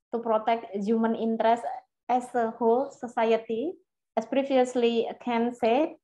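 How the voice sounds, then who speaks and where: A woman lecturer with a fairly high, mellow voice. She calls on students one by one and patiently repeats their answers back. The sound is muffled, like lo-fi call audio. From Indonesia. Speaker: law lecturer. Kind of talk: online lecture, calling on students.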